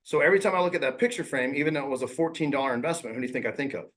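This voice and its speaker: A man giving agents a loose, slangy coaching talk. His voice sits at an ordinary middle pitch. He speaks bluntly and drops in quick asides that mimic his clients. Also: fairly bright tone. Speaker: real estate coach.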